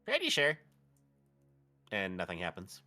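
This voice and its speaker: A man narrating a tabletop game as game master, in a playful, animated way. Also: sits low, a little slow, faint music behind.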